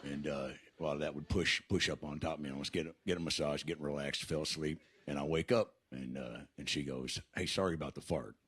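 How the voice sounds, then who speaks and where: A man in his fifties tells stand-up jokes on a comedy club stage, and his voice sits extremely low. He talks in a deadpan, halting way, stopping often on fillers as he works through each story. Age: 50s. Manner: slow, halting delivery with many "uh"s. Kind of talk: deadpan stand-up set and interview.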